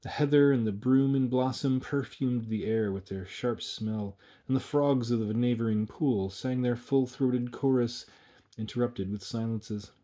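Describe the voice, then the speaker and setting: A man narrating a dark old storybook aloud, measured and hushed. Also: mid-range voice.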